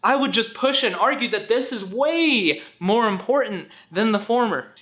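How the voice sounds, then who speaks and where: Bright, high-voiced young man preaching playfully. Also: lively intonation, unhurried, hardly any pauses. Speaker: vlogger. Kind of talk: faith-based motivational vlog.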